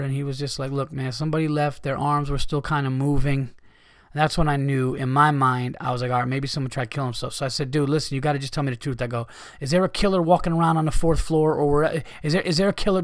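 A man with an everyday middle pitch, telling a story with lots of swearing. He acts out the people in it. The sound is dry and close, with no room echo. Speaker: comedian and podcast host. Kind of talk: casual storytelling monologue.

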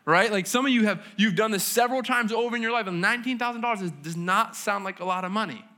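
A man's voice: high voice, fast talker, sharp tone. A man preaching a sermon at a church service, talking in a casual, conversational way with slang and questions to the congregation. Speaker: pastor.

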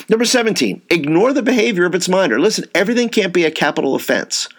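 A man's voice: high-pitched, very animated, quick pace. A man giving an informal teaching talk to youth workers, going through numbered tips, acting out example dialogue with lots of fillers and restarts. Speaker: youth ministry trainer.

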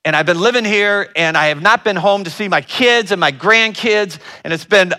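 A man retelling the words of an excited, talkative woman in her sixties, a grandmother on a plane, without changing his own voice much. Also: mid-range voice, normal speed, close to an everyday voice. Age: 60s. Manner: talks on and on, excited. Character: chatty older woman traveler, excited grandmother.

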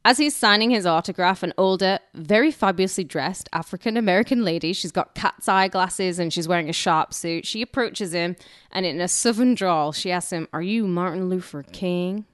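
A woman's voice: lowish voice, a little fast, fairly bright tone, dry recording, clean studio sound. Crude, irreverent woman telling history. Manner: irreverent, crude jokes while narrating; laughs often. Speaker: podcast co-host. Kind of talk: storytelling history podcast.

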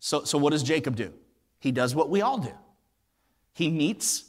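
A man's voice: medium pitch, big pitch swings, moderate pace. A man preaching a sermon, retelling a story with acted voices and emphatic repetition. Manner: emphatic, repeats words for weight. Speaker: pastor.

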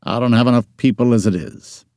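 A man's voice: medium pitch, lively intonation, brisk, gravelly, a little mellow, no echo. A male audiobook narrator playing a wealthy young boss who grumbles and coaxes with dry humor, close to his own voice. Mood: coaxing. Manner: grumbling, coaxing banter. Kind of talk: audiobook character voice.

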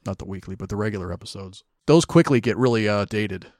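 Young man, podcast co-host, dry teasing humor, somewhat low voice, dry close recording. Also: animated, fast talker, a little mellow, no echo. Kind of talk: casual chat.

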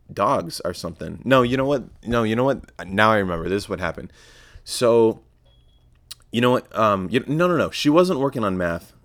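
A man's voice: lowish voice, no room sound. Profane, rambling young man podcasting. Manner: profane, rambling, sarcastic asides. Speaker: podcast host. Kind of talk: casual solo podcast rant.

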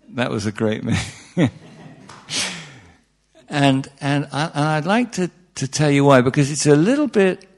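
A man with a slightly mellow, mid-range voice teaches meditation live to an audience in a room. Chatty and dry-humored, he often begins sentences again and addresses questions to the crowd.

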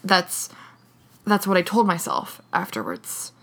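A woman's voice: lowish voice, very animated, a little slow, a bit bright, heavily acted. A woman reading the lines of a playful, teasing young man in a story.

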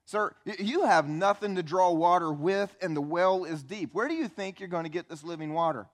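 A man voicing an irritated, guarded Samaritan woman at a well, with a sharp, sarcastic tone. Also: medium pitch, racing, voice pushed down, natural voice.

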